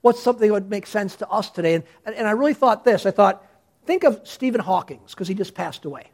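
A male pastor preaching a sermon in a lively, conversational way, often restarting his sentences. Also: high voice, fast, creaky.

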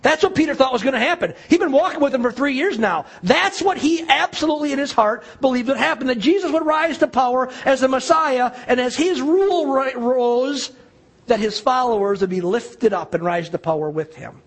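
A man preaching a sermon, telling a story with animated delivery and acting out the quoted dialogue. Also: extremely high pitch, a little fast, husky.

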